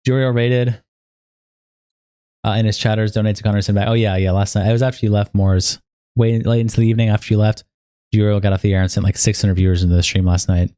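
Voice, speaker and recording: A man's voice: lowish voice, little pitch movement, fast talker, dark tone, clear, resonant tone, no echo, clean studio sound. A young man livestreaming, reading a long document aloud in a casual, profane, sleepy way with bursts of hype. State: sleepy, yawning. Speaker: streamer.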